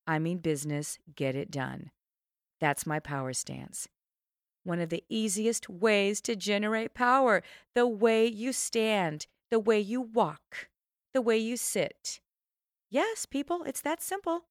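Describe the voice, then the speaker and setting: A middle-aged woman hosting a self-help podcast, talking in an emphatic, animated coaching tone with sudden high swoops for emphasis. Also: slow pace, no echo, studio quality. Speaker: podcast host and trainer.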